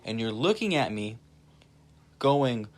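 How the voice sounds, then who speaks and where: An animated young man on his own channel, talking straight to camera in a loose, unscripted monologue. His voice sits at a middling pitch. He swears freely and keeps stopping to restart his sentences. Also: takes it slowly, background noise. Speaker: channel host. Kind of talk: casual spoken monologue to camera.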